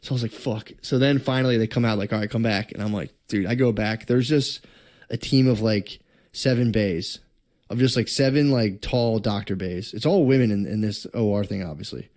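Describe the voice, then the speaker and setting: A young man co-hosting a podcast, telling a story in a rambling, profane, excitable way. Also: on the low side, normal speed. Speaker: podcast co-host. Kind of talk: casual podcast chat.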